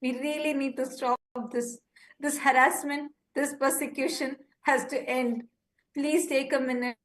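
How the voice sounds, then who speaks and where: Slight background noise sits under a woman's high, bright voice as she makes an urgent live-streamed appeal, unhurried and with fairly even intonation. She pleads impassionedly with listeners and turns indignant at critics.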